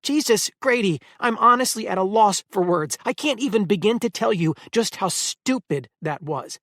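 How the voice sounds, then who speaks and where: A man voicing a fierce, caring young woman who scolds loudly. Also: medium pitch, moderate pace, vocal fry, no echo, studio quality, voice pushed up. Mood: furious. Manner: scolding, shouting.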